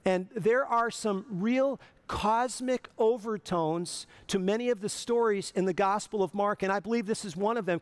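A male pastor delivers a sermon with a high-pitched voice that is smooth and resonant. He talks earnestly and conversationally, often stumbling and restarting his phrases as he goes.

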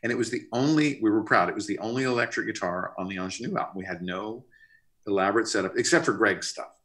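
A middle-aged man, a record producer, telling an animated story in a casual interview. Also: lowish voice, fast. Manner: animated, expressive, pushes to sudden bursts. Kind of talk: storytelling anecdote in casual conversation.

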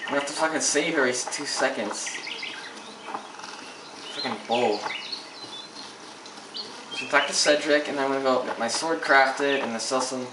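A man's voice: medium pitch, moderate pace, pauses often. A man giving live commentary over a role-playing game, swearing and ranting often. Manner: profane, frustrated ranting. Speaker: gameplay commentator. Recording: echoey, distant mic, noisy game sound. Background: game audio with ambience.

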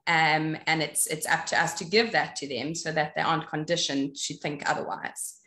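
A woman's voice: low-pitched, steady tone, normal speed, sharp tone. A woman on a discussion panel, explaining her views earnestly in casual chat. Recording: echoey room.

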